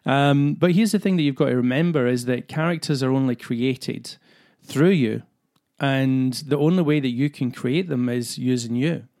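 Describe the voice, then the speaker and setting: A man's voice: medium pitch, normal speed, a little mellow. A man who coaches actors, hosting his own podcast and explaining his craft in an earnest, searching way with many fillers. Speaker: acting coach, podcast host. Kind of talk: solo podcast talk.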